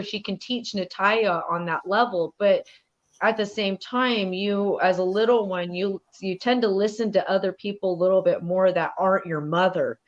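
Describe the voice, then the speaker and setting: A woman speaking as an elder guest on a podcast, talking in a thoughtful, rambling way with many fillers. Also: lowish voice. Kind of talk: casual interview conversation. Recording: dull lo-fi audio.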